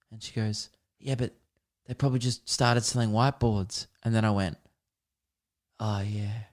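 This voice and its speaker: A young man hosting his own podcast as a comedian, rambling casually, swearing often and laughing at his own stories. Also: on the low side. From Australia. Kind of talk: casual solo podcast chat.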